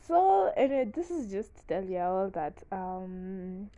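A young woman talking frankly in casual chat, excitable and quick to burst into laughter, swearing freely. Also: medium pitch, lo-fi sound. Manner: frank and profane. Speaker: vlogger.

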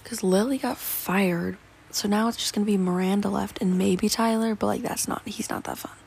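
A woman's voice: medium pitch, fairly even intonation, moderate pace, creaky, a little mellow, breathy edge, low-quality recording. A teenage girl, rambling casually in a teary, sniffly voice and often half-whispering. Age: teens. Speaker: vlogger.

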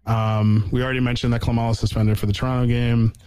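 A man's voice: medium pitch, level tone, fast, warm tone, clear, resonant tone, no room sound, low-quality recording. A man hosting a casual sports podcast, rambling with lots of fillers and restarts. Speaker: podcast host.

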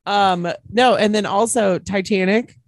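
A man's voice: high voice, fairly even intonation, unhurried, no echo. A young adult man, a drag queen co-hosting a podcast, chatting playfully, laughing often and swearing freely. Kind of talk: casual banter.

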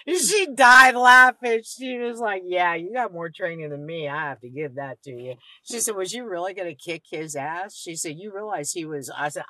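A woman with a bright, forceful voice tells a story in a blunt, profane, animated way, quoting everyone she talks about. The sound is close and dry, with no room around it. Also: on the low side, moderate pace, no echo. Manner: blunt, heavily profane, animated retelling with quoted dialogue. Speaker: podcast host. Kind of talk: casual storytelling.

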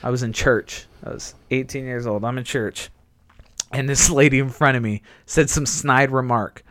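A man in his twenties chatting casually, telling rambling profane stories and jumping into high squeaky impressions. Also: steady tone, moderate pace, fairly bright tone, no room sound. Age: 20s. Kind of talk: casual chat.

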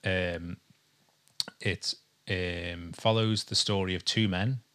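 Deep-voiced rambling male podcaster. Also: fairly even intonation, slow pace, sharp tone. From England. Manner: rambling and hesitant, lots of ums. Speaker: podcast co-host. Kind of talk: casual chat.

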